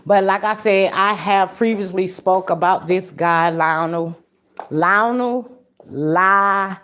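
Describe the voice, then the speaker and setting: A woman's voice: medium pitch, takes it slowly, fairly bright tone. Blunt, chatty woman podcast host. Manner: laughs often. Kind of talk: casual livestream talk.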